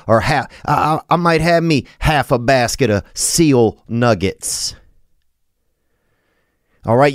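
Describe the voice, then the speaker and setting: A man's voice: mid-range voice, clear, resonant tone, no room sound, studio quality. A man hosting a podcast, riffing in casual comedic chat with rambling, slangy, absurd monologues. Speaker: podcast host.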